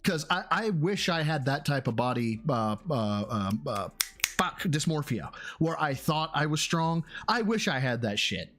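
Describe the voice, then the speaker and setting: A man's voice: a little high, big pitch swings, measured pace, fairly bright tone. A male host reacting to stream clips with casual commentary. He is exasperated and profane and often stumbles and restarts.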